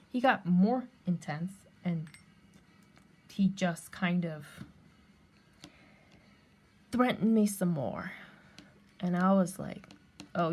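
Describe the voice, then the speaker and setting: A woman's voice: mid-range voice, a little mellow. A woman telling a personal story in a blunt, heated, profane rant, speaking straight to the camera. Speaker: vlogger.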